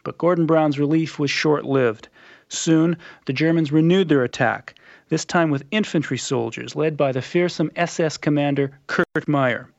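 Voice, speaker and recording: A man reading scripted documentary narration in a measured, dramatic storytelling manner. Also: a little high, vocal fry, no echo. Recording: muffled lo-fi radio recording.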